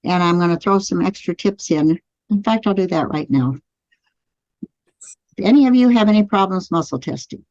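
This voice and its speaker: A woman's voice: on the low side, normal speed, long pauses, a little mellow, no room sound, dull audio. A woman teaching a live online class, guiding listeners through spoken affirmations. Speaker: energy healing teacher. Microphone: computer mic on a live video stream.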